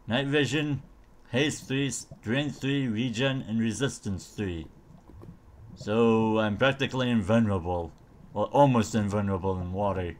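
A man's voice: lowish voice, unhurried, slight background noise. A man casually commenting on a game mod as he tries it, thinking aloud and mumbling silly noises. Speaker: gamer showcasing a mod.

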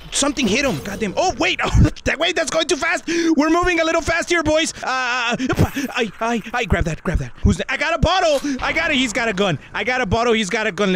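A man giving excitable, swearing, comedic commentary while playing a game, slipping between English and Spanish slang. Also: extremely high pitch, slight background noise. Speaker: VR gaming YouTuber.

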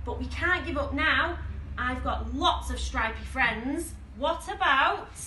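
A woman's voice: high-pitched, lively intonation, slow pace, sharp tone, a little hiss or hum, heavily acted. A woman voicing Ted, an eager, cheerful toy friend trying to help, recorded in an echoey room with the mic at a distance.

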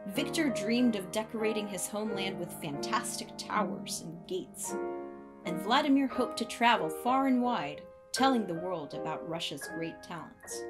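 A woman reading a picture-book story aloud in an expressive, varied way. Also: mid-range voice. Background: piano music.

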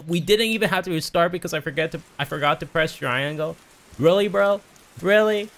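On the high side and sharp in tone, this streamer's voice moves at a quick pace. He gives casual, rambling game commentary at home in a room with a TV, putting himself down and pleading with an in-game companion. An arm-mounted desk mic picks him up over the game music.

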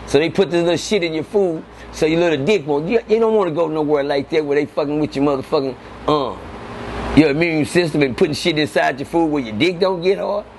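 Animated profane man telling stories, noisy. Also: a little high, fairly quick. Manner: animated, profane storytelling with repeated words. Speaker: interview guest. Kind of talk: casual storytelling. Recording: noisy background.

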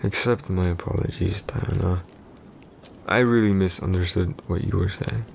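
A man's voice: steady tone, normal speed, vocal fry, slight background noise. A man playing a possessive jealous warrior husband, whispered role-play. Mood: grudging. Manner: curt, irritated, possessive, speaks low and close. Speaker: voice actor in a boyfriend roleplay.

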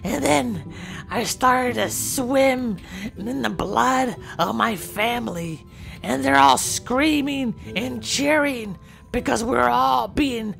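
A woman playing Flipper, a rambling creaky dolphin. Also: high voice, a bit bright, full character voice. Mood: grim. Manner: rambling, stammering storyteller full of fillers and repeats. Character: chatty young bottlenose dolphin, rambling and excitable. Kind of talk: in-character game commentary.

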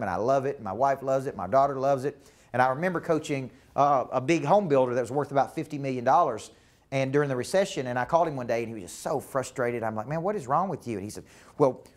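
Man coaching a room. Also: mid-range voice. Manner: asks the room questions, repeats for emphasis. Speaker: business coach. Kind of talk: live motivational talk to a team. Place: meeting room with a live audience.

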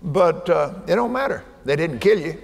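An older man preaching a sermon in a folksy way, with joking asides and fervent, shouted peaks. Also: a little high, lively intonation, moderate pace, creaky, a little hiss or hum. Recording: reverberant hall with faint ambience.

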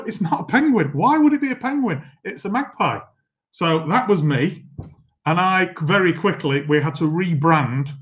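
Man, middle-aged, chief executive, business talk, brisk anecdotes, self-deprecating humour. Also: fairly high pitch. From England. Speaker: company chief executive giving a guest talk. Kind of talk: business masterclass presentation.

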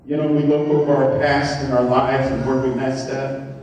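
Pastor preaching, gets loud then drops soft, distant mic with lots of church echo. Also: male voice, flat delivery, normal speed, a little hiss or hum. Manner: impassioned preaching, swinging from loud highs to soft murmurs. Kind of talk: sermon. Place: church sanctuary. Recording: echoey church hall from far off.

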